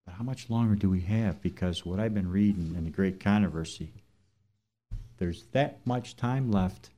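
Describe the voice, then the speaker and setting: Low-voiced man telling a church testimony. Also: moderate pace, dark tone. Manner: plain conversational storytelling turning to preaching questions. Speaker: truck driver giving a church testimony. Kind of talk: storytelling sermon testimony.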